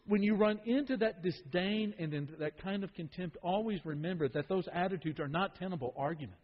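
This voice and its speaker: A man with a high voice preaches a sermon, repeating phrases for emphasis and dropping to a hush before rising again. The sound is muffled and lo-fi. A long reverb trails his words through the hall. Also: a little fast. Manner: emphatic, repeats phrases, swings from loud to hushed. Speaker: pastor.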